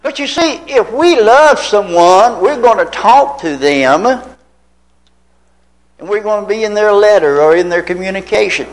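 Older male preacher in his seventies, from Tennessee; folksy storyteller, high and animated voice, asks his congregation questions. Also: unhurried, low-quality recording. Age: 70s. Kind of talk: anecdotal sermon.

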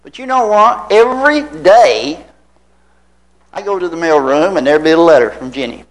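A man's voice: high voice, moderate pace, gravelly, low-quality recording. A man in his seventies from Tennessee, preaching a sermon told as a folksy personal story full of rhetorical questions. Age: 70s. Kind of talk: anecdotal sermon.

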